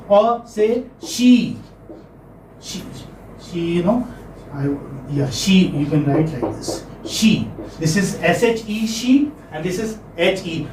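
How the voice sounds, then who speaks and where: Man, teacher, high voice, classroom lecture, repeats words, echoey room, far from mic. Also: a little mellow, slight background noise. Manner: repeats words, asks checking questions.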